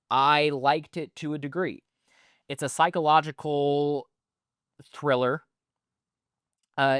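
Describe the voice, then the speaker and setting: A man's voice: medium pitch, clear, resonant tone, no room sound. Podcast host, man in his thirties, stutters, rambles candidly, dry close sound, mid-range voice. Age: 30s. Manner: rambling, filler-heavy, loose and candid. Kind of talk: casual podcast monologue.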